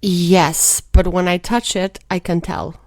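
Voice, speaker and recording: A woman from Albania co-hosting a podcast in casual chat, with deadpan humor and hesitant fillers. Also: on the low side, slow pace, dry recording. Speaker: podcast co-host.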